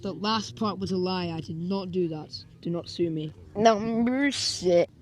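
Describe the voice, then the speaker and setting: A woman's voice: on the low side, measured pace, over loud music. A young Scottish vlogger telling comic stories and switching into exaggerated character voices. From Scotland. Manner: jumps between narration and exaggerated character voices. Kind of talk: comedic storytelling with acted skits.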